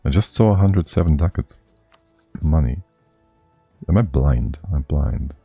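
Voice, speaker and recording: A man's voice: very deep voice, expressive, unhurried, vocal fry, warm tone, husky, no room sound, faint music behind. A man streaming a strategy game live, thinking aloud and muttering to himself as he plays.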